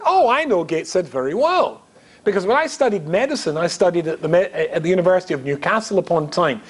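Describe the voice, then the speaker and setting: A middle-aged man from Scotland, a rabbi giving a humorous storytelling lecture, chatty and joking with asides to the audience. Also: sits high. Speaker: rabbi and guest speaker.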